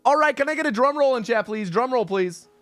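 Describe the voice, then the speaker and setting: Male streamer, rambling chat, high voice, insists and repeats himself. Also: animated, fairly quick, fairly bright tone, dry recording, faint music behind. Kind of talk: casual livestream chat.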